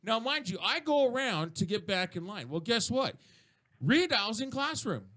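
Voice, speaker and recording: A middle-aged man telling a story in a casual radio chat, animated and swearing freely. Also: sits high, normal speed. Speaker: co-host telling a riding story.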